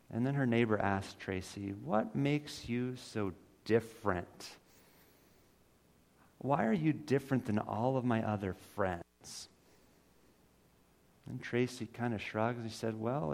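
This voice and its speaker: A man's voice: medium pitch, vocal fry. A man preaching a sermon in a church, telling a story and building to emphatic peaks. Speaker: pastor. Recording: reverberant hall.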